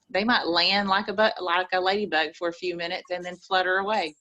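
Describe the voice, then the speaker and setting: A woman's voice: on the low side, fairly even intonation, brisk, few pauses, sharp tone, highs cut off. A woman with an East Texas accent giving folksy, preachy motivational advice on a group call. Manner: folksy, preachy, says y'all.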